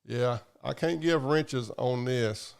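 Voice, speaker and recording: Reading out viewer comments on his live stream, this man drawls, rambles, and swears freely. He takes it slowly in a mid-range voice that is creaky, a little mellow, and clean.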